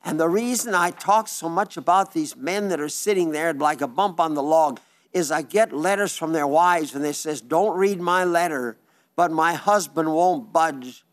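Older man preaching in a folksy way. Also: on the high side. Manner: earnest folksy preaching, slow emphatic phrases. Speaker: radio/TV preacher reading listener letters. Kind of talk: sermon. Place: studio.

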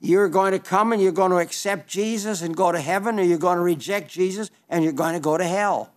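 A man's voice: sits high, a little fast. A man with an Oklahoma accent preaching a broadcast sermon, earnest and emphatic, repeating key phrases and reading out listener letters.

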